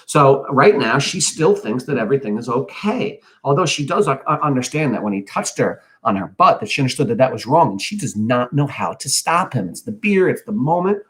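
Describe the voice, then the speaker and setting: A male teacher reads a novel aloud in a voice of ordinary pitch. He keeps stopping to ask the class questions and to explain what is happening. He speaks earnestly and in a plain way. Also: sing-song, fairly quick, hardly any pauses, a bit bright. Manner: earnest, occasionally loses his place. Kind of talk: read-aloud with commentary.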